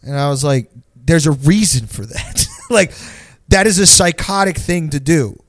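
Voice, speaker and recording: A man's voice: on the high side, lively intonation, a little slow, no echo, studio quality. A young man telling stories in a casual chat, rambling and profane, full of "like" and slang. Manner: rambling, profane storytelling with lots of "like". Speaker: podcast co-host.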